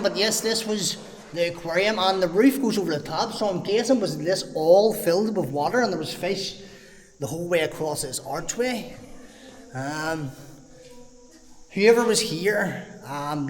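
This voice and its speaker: A man with a slightly high voice walks outdoors through an abandoned park and chats to the camera as he goes. He swears casually, wonders aloud and breaks into exclamations. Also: a little hiss or hum. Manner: chatty, swears freely, thinks aloud with exclamations. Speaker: travel vlogger. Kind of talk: casual walking vlog commentary.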